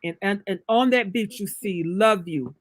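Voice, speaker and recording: Woman, author guest, emphatic preacherly storytelling, mid-pitched voice, dry close sound. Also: normal speed, no room sound. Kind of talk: casual livestream interview.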